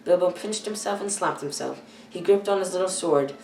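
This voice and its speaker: A woman's voice: fairly low pitch, normal speed, darkish tone, a little hiss or hum. Teenage girl reading a storybook aloud. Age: teens. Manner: careful reading with frequent stumbles and self-corrections. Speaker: youth reader. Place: church hall. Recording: echoey room, far from the mic.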